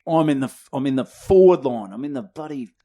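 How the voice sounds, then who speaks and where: Animated young Australian male comic, swears freely, pitch leaps as he acts out voices. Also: fairly quick. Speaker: podcast co-host. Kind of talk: comedic storytelling.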